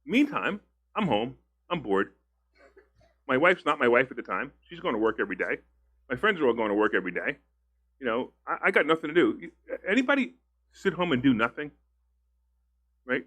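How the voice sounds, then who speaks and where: A man's voice: medium pitch, bright, forceful tone. A man teaching a live investing seminar, telling stories in a chatty way, asking the room questions and acting out both sides of his conversations. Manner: chatty, asks the audience questions. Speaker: real estate investing instructor. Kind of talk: live seminar talk to an audience.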